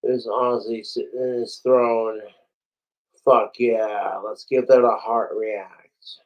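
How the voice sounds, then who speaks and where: A man livestreaming in a casual, rambling, excitable way, a bit tipsy and slurring from alcohol, swearing often. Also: lowish voice, slow pace, highs cut off.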